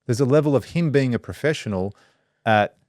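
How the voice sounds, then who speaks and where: A man's voice: medium pitch, brisk, no room sound, studio quality. A man, hosting a casual podcast chat, telling stories with lots of swearing and acted-out quotes. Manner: animated storyteller, swears freely, acts out quotes. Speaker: podcast host.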